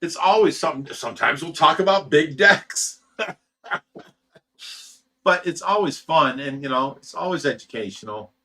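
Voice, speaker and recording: A man's voice: fairly high pitch, expressive, normal speed, long pauses, pushed and bright. A man hosting a casual livestream from a fish rescue, reading viewer comments aloud, chuckling often and trailing off with "you know.". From United States. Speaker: livestream host reading chat.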